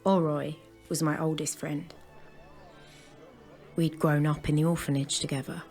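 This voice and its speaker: A man reading the inner narration of a young woman adventurer, quiet and reflective. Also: fairly high pitch, flat delivery, a little slow, creaky, soft background music. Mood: wistful.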